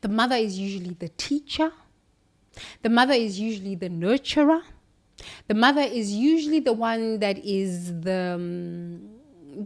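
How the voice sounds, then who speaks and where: A woman with a British accent giving an emphatic spiritual motivational monologue, preachy, with sudden jumps in pitch and volume. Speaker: motivational speaker.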